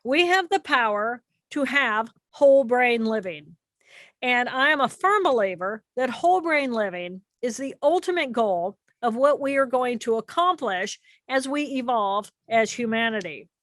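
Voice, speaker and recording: A woman giving an explanatory talk to an audience, animated and repeating key phrases for emphasis. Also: a little high, unhurried, no room sound. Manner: animated, acts out inner voices and repeats phrases. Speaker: speaker presenting to an audience.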